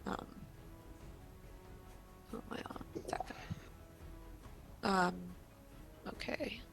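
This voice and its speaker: A woman's voice: drawn-out words, fairly bright tone, faint music behind. A woman running a tabletop game as game master, often muttering to herself while tracking turns.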